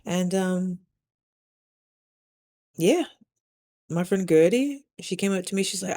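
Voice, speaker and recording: Woman vlogger, low gravelly voice, chatty and candid, motivational. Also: animated, slow pace, long pauses, mellow. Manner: candid, chatty, motivational, lots of "you know". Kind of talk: casual vlog talk to camera.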